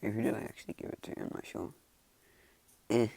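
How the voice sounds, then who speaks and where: A man's voice: brisk, dark tone, no echo. A man casually telling a fan fiction story, rambling and filling every gap with "like" and "you know.".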